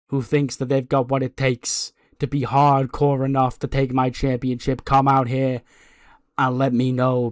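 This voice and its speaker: A man's voice: mid-range voice, dry recording, clean studio sound, close to an everyday voice. A man voicing a brash, gloating male wrestling champion who cuts a boastful promo and talks down to his rivals. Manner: boastful, taunting, talks down to others.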